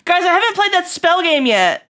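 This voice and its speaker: A woman streamer in casual live-stream chat, rambling and breaking into loud laughter, her throat getting tickly. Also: very high voice, very animated, normal speed.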